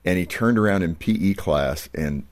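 A man hosts a radio interview in a very deep voice. He asks questions in a friendly, conversational way. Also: normal speed. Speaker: radio host.

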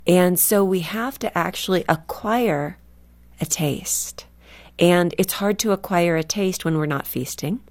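A guest author from California speaks earnestly and reflectively in a faith radio interview, slowing down to stress key words. Her voice sits on the lower side.

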